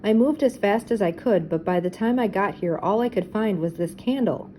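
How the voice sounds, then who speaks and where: A woman voicing a greedy older male real-estate developer who speaks slowly and bluntly. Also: mid-range voice, mellow, slight background noise, natural voice, rough recording.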